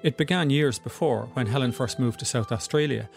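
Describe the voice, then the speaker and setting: A man narrating a documentary in a measured, scripted way. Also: mid-range voice, vocal fry, faint music behind.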